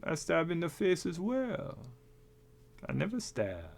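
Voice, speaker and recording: A man putting on the voice of a woman player, with a quiet, soft, broken-English manner and a put-on accent. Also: on the high side, wildly swooping pitch, unhurried, creaky, voice pushed up, full character voice. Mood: coaxing.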